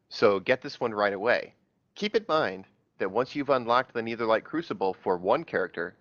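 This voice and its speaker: A man presenting a scripted gaming tips segment on a podcast, with a steady read-aloud delivery. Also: on the low side, no echo. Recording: dull, dry lo-fi recording.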